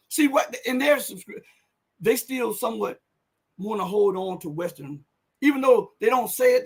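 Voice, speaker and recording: A man with a strikingly high, husky voice delivers live political commentary. He talks with fiery conviction, hammering home points with repetition and climbing almost to a shout when he presses hardest. The delivery is rhetorical and driven. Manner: impassioned, rhetorical, repeats phrases for emphasis; voice rises to near shouts on key points.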